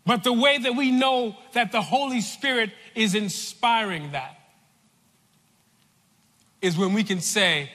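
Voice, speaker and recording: A man preaching a sermon in a large church, slow and deliberate, repeating phrases for weight. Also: sits high, pushed and bright, long reverb tail.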